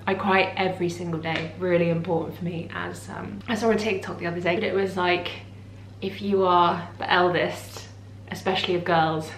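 A woman chatting casually for a lifestyle vlog, effusive and gushing about what she loves. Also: lowish voice. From United Kingdom. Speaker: lifestyle vlogger. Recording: roomy with faint hum.

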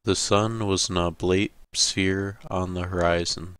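In a deep, steady, smooth and resonant voice with little rise and fall, a man narrates a scripted audiobook at a measured pace. The recording is close and completely dry, with no room sound.

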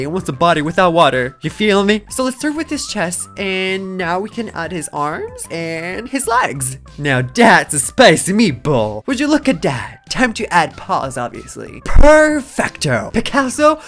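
Animated, mock-boastful woman narrating. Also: medium pitch. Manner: playful, mock-boastful and sarcastic. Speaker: YouTube artist. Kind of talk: satirical drawing tutorial voice-over.

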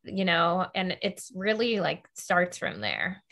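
A woman's voice: on the low side, sing-song, takes it slowly, gravelly, fairly bright tone. A woman hosting a podcast interview, talking in a loose, chatty way full of "like" and "you know". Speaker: host.

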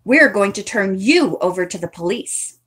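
A woman's voice: medium pitch, expressive, normal speed, a bit bright, husky. A woman reading as a firm young detective. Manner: firm, accusing. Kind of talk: storybook read-aloud.

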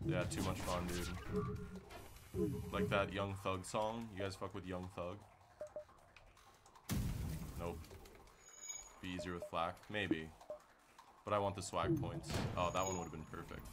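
A man's voice: deep voice, steady tone, slow, long pauses, loud music behind the voice. A man streaming a game live, chatting loosely and joking with his viewers in slangy casual talk. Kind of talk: casual live gameplay commentary.

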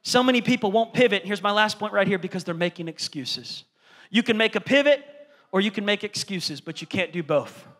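A man's voice: high voice, animated, a little fast, fairly bright tone, long reverb tail. A male pastor preaching a sermon, emphatic and exhorting as he drives his points home. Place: large church.

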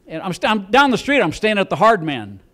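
A man's voice: high voice, very animated, brisk, fairly bright tone. An older man doing a stand-up comedy set on a club stage into a handheld mic. He talks in a rambling, folksy, self-mocking way.

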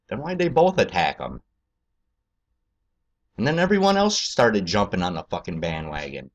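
A man's voice: medium pitch, very animated, normal speed, muffled recording. A man hosting a political video, ranting angrily and rambling with heavy profanity.

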